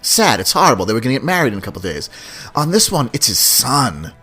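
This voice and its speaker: Male podcast host, rambling and animated, lively pitch, faint music behind. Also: fast talker, breathy edge. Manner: animated, rambling, laughs often. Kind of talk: casual podcast chat.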